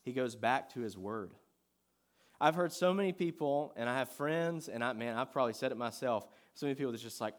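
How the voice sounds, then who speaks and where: A male pastor delivering a sermon in an easy, conversational manner. He raises his voice to drive points home, then drops low and soft to read scripture. His pitch sits in an ordinary middle range. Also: lively intonation, fairly quick. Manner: conversational preaching, shifting between loud emphasis and quiet reading.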